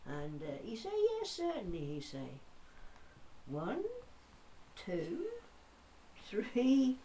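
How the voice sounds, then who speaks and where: A woman's voice: mid-range voice, wildly swooping pitch, extremely slow, mellow, recorded from a distance, a little hiss or hum, heavily acted. A woman voicing a chatty old Norfolk countrywoman with a broad rustic accent, spinning jokey yarns. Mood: jolly yarning.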